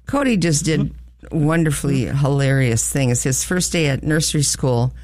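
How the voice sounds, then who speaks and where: Animated man telling family stories. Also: a little high, normal speed, no echo, studio quality. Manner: animated storytelling, acts out quoted voices, laughs often. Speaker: storyteller in a chat. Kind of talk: casual chat.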